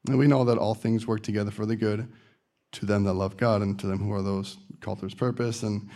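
A man with a fairly low voice shares a personal testimony. His delivery is casual and earnest, full of fillers and loose restarts. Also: steady tone, a little fast, mellow.

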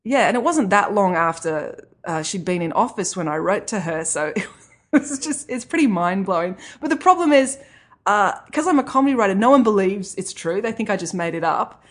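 A woman's voice: mid-range voice, expressive, fairly quick. A woman, a children's author and comedy writer, chatting in an interview and laughing often. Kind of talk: interview conversation.

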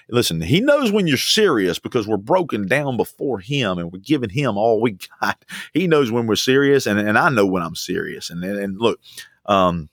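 A man preaching a sermon with fervent repetition and sudden swings of pitch. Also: big pitch swings, a little fast, fairly bright tone, dry recording, clean studio sound. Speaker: pastor.

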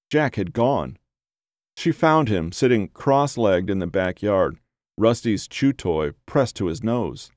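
A man narrating a dark horror story in a measured, even storytelling voice. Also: lowish voice, dry recording, studio quality. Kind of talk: horror audiobook reading.

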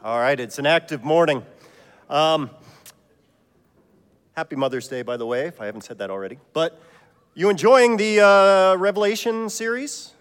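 Pastor guy telling a joke in his sermon, chatty, slightly high voice, big church echo. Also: expressive, moderate pace, long pauses, a bit bright, smooth. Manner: joking, conversational storytelling.

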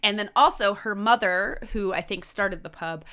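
A woman co-hosting a podcast, telling a story in casual chat with lots of "like" and quick acted-out quotes. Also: medium pitch, pushed and bright, clear, resonant tone, highs cut off. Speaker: podcast co-host. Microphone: headphones.

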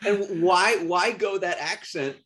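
A man's voice: high voice, takes it slowly, sharp tone. A man co-hosting a casual film chat, hesitant and restarting his sentences. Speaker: podcast co-host.

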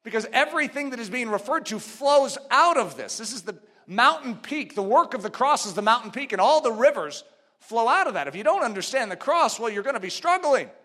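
A man preaching a sermon, teaching step by step with rhetorical questions and building to emphatic, near-shouted exhortations. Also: very high voice, very animated, a little fast.

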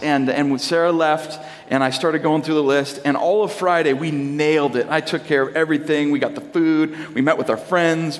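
A man in his thirties, a pastor, delivers an animated sermon story, his voice sitting a little above the usual range for a man. He jumps into his children's voices as he tells it. The sound carries a long hall reverb, as if heard from a church sanctuary. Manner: animated storyteller, acting out his kids in a high voice.

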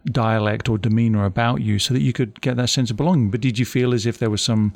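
A man interviewing a guest, asking measured and thoughtful questions. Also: mid-range voice, fairly even intonation, creaky, darkish tone, no room sound.

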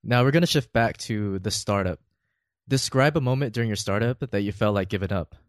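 A male interviewer reading prepared questions in a measured, steady way. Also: fairly low pitch, dry recording, clean studio sound.

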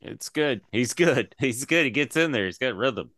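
A man's voice: mid-range voice, moderate pace, no room sound, clean studio sound. A man co-hosting a casual podcast, telling stories animatedly and riffing with jokes. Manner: animated storyteller, jokey riffs. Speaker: podcast co-host.

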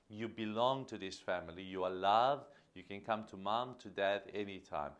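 Earnest low-voiced man teaching on parenting. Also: normal speed, hardly any pauses, fairly bright tone, dull audio. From Australia. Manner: earnest, emphatic, repeats key phrases. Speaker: podcast host.

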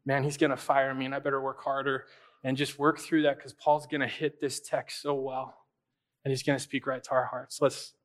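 A young adult man preaches in a loose, chatty style, sharing stories with his congregation. His talk is full of "like" and "right?", and it feels informal rather than polished. His voice sits in a medium pitch range. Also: fairly bright tone. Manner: conversational, full of fillers like "like" and "right?". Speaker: pastor. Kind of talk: casual storytelling sermon.

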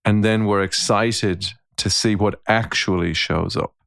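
Male podcast co-host, low gravelly register, reflective storyteller. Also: steady tone, unhurried, fairly bright tone, no room sound, clean studio sound. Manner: thoughtful, storytelling, frequent restarts. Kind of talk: casual reflective conversation.

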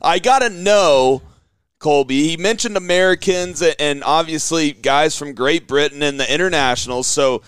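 Podcast host, man, fairly high smooth voice, bantering and reading out stats, dry sound. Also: moderate pace, a bit bright. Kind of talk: casual chat.

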